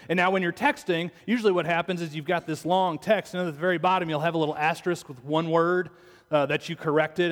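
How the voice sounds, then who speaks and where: A man preaching a sermon as pastor, talking conversationally and asking his listeners rhetorical questions. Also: fairly high pitch. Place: church sanctuary. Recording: long reverb of a church hall.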